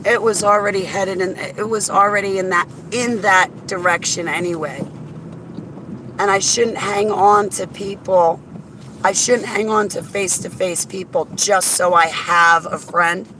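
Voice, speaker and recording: Speaking at a medium pitch with fairly even intonation and a slightly slow pace, a woman vlogs from her car on the highway. She rambles to herself and greets viewers by name over the road and wind noise.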